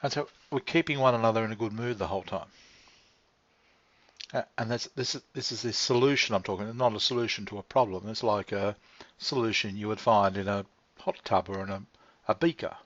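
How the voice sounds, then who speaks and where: Middle-pitched guy rambling on, laid back, swears a bit, dry dull lo-fi audio. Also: brisk, a bit bright, no echo. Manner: meandering, laid-back, swears casually, chuckles. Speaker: vlogger. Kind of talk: casual rambling monologue. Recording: dry, slightly dull lo-fi sound.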